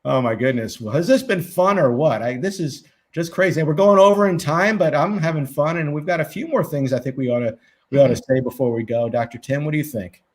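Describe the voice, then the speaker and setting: A man's voice: fairly high pitch, a little fast. A man co-hosting a casual chat, upbeat and joking as he steers the talk. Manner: upbeat, tells jokes. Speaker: co-host, doctor.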